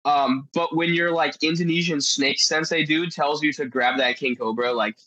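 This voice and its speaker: A man's voice: fairly high pitch, normal speed, dry recording, low-quality recording. A man guest on a podcast telling adventure stories in a casual, rambling way, full of "like" fillers. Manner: rambling, heavy use of "like" fillers; animated storyteller.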